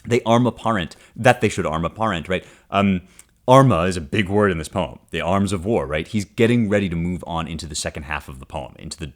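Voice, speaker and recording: A man's voice: low voice, fairly quick. A male podcast host teaching a classic poem in a casual, conversational way, often checking in with "right?" and giving wry asides. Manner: wry and animated, reads passages aloud then unpacks them.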